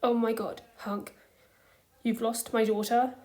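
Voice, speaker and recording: A woman doing an alarmed, excitable young dad. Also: fairly high pitch, slow pace. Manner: loud, alarmed outbursts. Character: excitable young man, anxious father.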